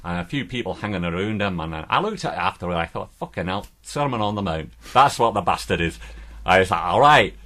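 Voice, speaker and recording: A man's voice: low-pitched, lively intonation, fast, pushed and bright. A man with a Scottish accent playing a crude, foul-mouthed, boastful artist in an improvised comic interview, rambling and laughing at his own jokes. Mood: boisterous.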